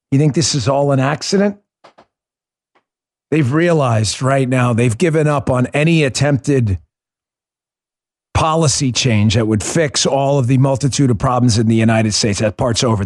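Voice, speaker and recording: A man's voice: mid-range voice, dry recording, clean studio sound. A middle-aged man hosting a podcast, delivering a combative political monologue full of sarcasm and rhetorical questions. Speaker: podcast host.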